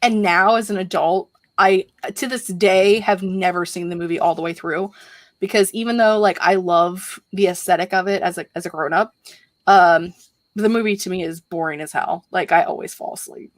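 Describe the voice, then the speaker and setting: A woman's voice: lowish voice, normal speed, no echo. A young adult woman chatting casually on a video call, rambling animatedly with lots of fillers. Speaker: livestream host. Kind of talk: casual group video chat.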